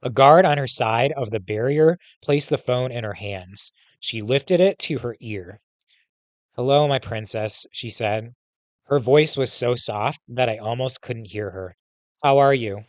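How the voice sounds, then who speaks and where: A man's voice: mid-range voice, measured pace, no echo. A male teacher reading a first-person memoir aloud, in a plain style with short casual asides now and then.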